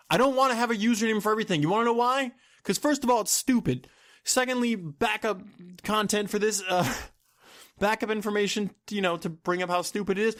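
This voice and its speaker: High-voiced man ranting on a podcast. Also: fairly quick. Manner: exasperated, animated complaining with laughs and sudden outbursts. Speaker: podcast host.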